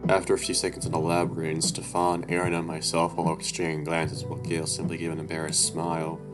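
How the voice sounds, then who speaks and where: A man with a very low voice narrating a visual novel read-through in a loose, casual way. He swears, stumbles over words and tosses in asides. Loud music runs under everything. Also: completely flat delivery, fairly quick. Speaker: let's-play narrator reading a visual novel aloud.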